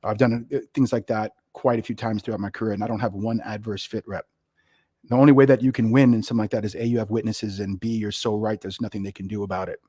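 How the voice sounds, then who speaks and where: Middle-aged new guy, talks real fast, animated storyteller, dry close sound. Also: fairly low pitch, dry recording. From New York. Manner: animated, acts out bosses in quoted voices. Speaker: podcast guest, retired Marine officer. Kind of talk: casual storytelling.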